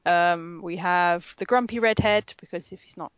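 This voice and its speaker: A woman's voice: on the low side, moderate pace, clean tone, no echo. A sarcastic, giggly woman chatting about anime with friends. Her voice sits in an ordinary middle range, close and dry with no room sound. The recording is a little dull and muffled. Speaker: podcast co-host. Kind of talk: casual chat, anime review.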